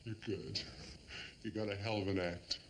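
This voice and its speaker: An actor playing a bitter man bent on revenge, who speaks in a quietly menacing way, in a television drama. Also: fairly low pitch, fairly even intonation, moderate pace, a little hiss or hum, natural voice, rough recording.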